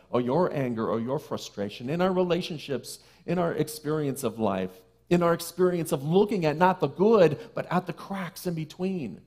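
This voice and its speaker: Male minister giving a sermon. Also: fairly high pitch. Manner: conversational, playful asides to the congregation; slows and softens for key phrases. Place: church sanctuary.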